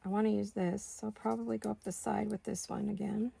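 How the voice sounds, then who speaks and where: Gravelly chatty woman crafting. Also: mid-range voice, flat delivery, fast, warm tone. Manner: chatty, talks to herself while working. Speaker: craft video host. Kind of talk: casual crafting chat.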